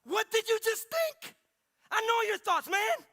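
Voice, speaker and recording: A man voicing a brash, incredulous male spirit who talks like a gangster and scolds loudly. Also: very high-pitched, sing-song, measured pace, voice pushed up, exaggerated voice. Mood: incredulous scolding. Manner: loud, scolding, disbelieving.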